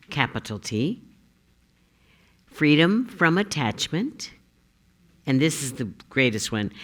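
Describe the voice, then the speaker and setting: Low-pitched woman minister, playful and giggly sermon delivery. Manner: giggly, joke-telling, animated. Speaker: minister giving the Sunday message.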